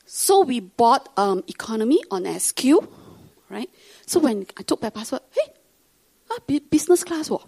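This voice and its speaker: A woman's voice: a little high, big pitch swings, moderate pace, darkish tone, slightly rough. A woman from Singapore with a Singaporean English accent, a pastor's wife telling her testimony to a congregation and acting out the people she quotes.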